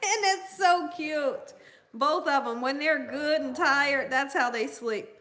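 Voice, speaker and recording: In a high, bright voice and an unhurried, chatty manner, a Southern American woman hosts her cooking channel's casual livestream. She reads viewer comments aloud and coos to her dogs.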